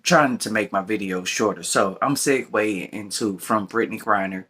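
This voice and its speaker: A vlogger with a deep but slightly bright voice talks at normal speed, giving casual opinions while he smokes. His talk wanders, and he keeps asking "you know what I'm saying" to check in with the listener.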